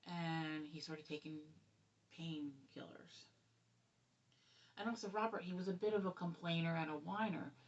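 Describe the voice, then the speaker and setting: A middle-aged woman telling her son's story in a rambling, halting way, with many restarts. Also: sits low. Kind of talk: personal storytelling. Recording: distant, dull lo-fi sound.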